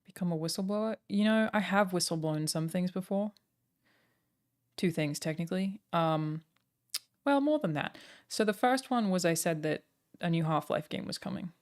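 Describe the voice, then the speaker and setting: A woman's voice: lowish voice, lively intonation, normal speed, a little mellow. A young woman chatting casually on a live stream, answering her viewers' questions with many fillers like "um" and "like". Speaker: streamer and game writer.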